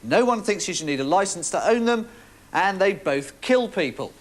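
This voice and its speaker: A man's voice: high-pitched, moderate pace. A male comedian doing a wry stand-up routine. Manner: wry, deadpan jokes.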